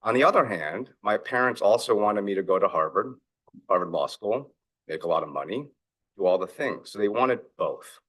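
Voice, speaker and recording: A man's voice: fairly low pitch, animated, moderate pace, a bit bright, breathy edge. A middle-aged man, an author and investor, giving a conference keynote in a reflective storytelling manner. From United States. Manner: storytelling, reflective, acts out family dialogue.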